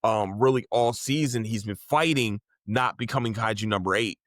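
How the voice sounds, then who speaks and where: A man's voice: fairly low pitch, moderate pace, no room sound, studio quality. A man hosting a casual solo podcast, talking in a rambling, profane and enthusiastic way. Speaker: podcast host.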